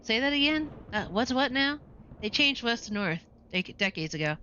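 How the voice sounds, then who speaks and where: A folksy old cowboy with a slow, drawling way of talking and a wistful streak, as a woman puts him on. The voice rides high and bright. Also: very animated, clean tone, muffled recording. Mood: dismayed.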